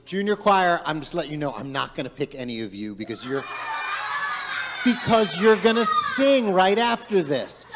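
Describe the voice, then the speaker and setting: A rabbi with a fairly high voice and wide pitch swings tells a folk tale to his congregation at a normal pace, playfully getting them to join in with animal sounds. The recording has background noise and the long reverb of a large synagogue sanctuary.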